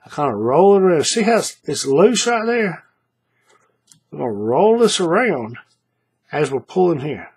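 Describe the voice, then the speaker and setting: Working with his hands on a paracord craft, a man explains the process in a slightly husky, breathy voice at normal speed, pausing often. His pitch rises and falls lively, and he repeats each step while checking in with "right?"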